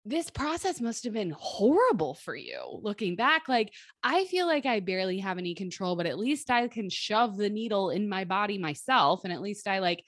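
Lively chatty woman in her thirties. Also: medium pitch, normal speed, hardly any pauses, no room sound, studio quality. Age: 30s. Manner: lively, animated storytelling with quoted voices and laughs. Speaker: podcast co-host and life coach. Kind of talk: casual chat.

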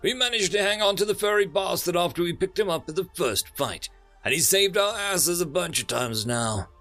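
A man's voice: sits high, expressive, normal speed, bright, forceful tone, faint music behind, voice pushed up, full character voice. A man doing a boisterous marine squadmate.

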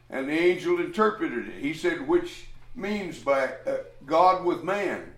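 A man's voice: a little high, expressive, unhurried, hardly any pauses. A man preaching a sermon in a church hall, working through scripture in a folksy, rambling way. He takes his time, and his voice rings with room echo, heard from some distance away from the mic. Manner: folksy, rambling Bible teaching with restarts and chuckles.

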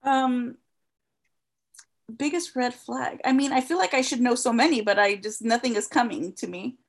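A woman's voice: a little high, moderate pace. A young adult woman co-hosting a podcast, chatting casually and candidly, swearing freely and getting emotional. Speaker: podcast co-host. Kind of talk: casual chat.

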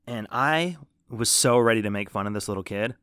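A man's voice: on the low side, brisk, a bit bright, smooth, no echo, clean studio sound. A man co-hosting a casual podcast chat about a movie, swearing often and teasing his co-host. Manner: profane, teasing, jokey.

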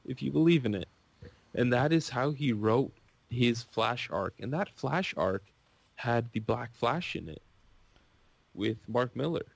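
A man on a podcast, rambling and gushing in an excitable casual rant. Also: mid-range voice, slow, vocal fry, husky, dry recording.

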